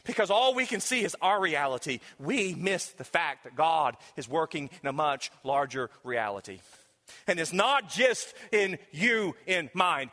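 A man's voice: high-pitched, sharp tone. A man preaching a sermon, talking emphatically to the congregation and asking them questions directly. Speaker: pastor. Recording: long hall reverb.

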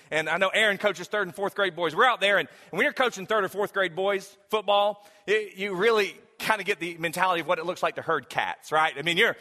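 A man's voice: sits high, bright, forceful tone, big-room sound. A man preaching a sermon to a congregation in a casual, joking way, then building to emphatic preaching. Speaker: pastor.

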